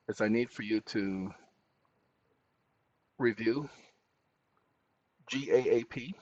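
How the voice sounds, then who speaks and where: A man hosts a screen-recorded tutorial, reading prompts aloud and saying each comma and period. His voice sits at an ordinary middle pitch, heard through a dull, lo-fi recording with no room echo. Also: darkish tone. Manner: dictates punctuation aloud between loose asides. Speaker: channel host.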